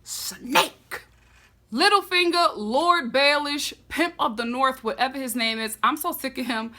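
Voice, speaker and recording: A woman giving a casual, expressive TV episode recap as a vlogger. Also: on the high side. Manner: expressive, animated storytelling.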